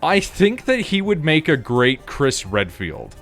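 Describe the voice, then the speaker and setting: A man chats casually while streaming a game, rambling through restarts and tossing in casual swearing. His pitch moves in a lively, animated way as he talks. Faint music plays in the background. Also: a little slow. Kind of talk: casual chat while gaming.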